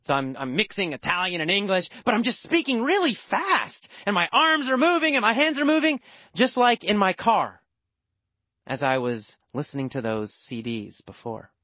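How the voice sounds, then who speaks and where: American male teacher, storytelling lesson, higher voice with lots of swing in pitch, emphatic and repetitive, dull dry lo-fi sound. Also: sing-song, normal speed, no room sound. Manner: emphatic, repeats words for emphasis. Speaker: language teacher.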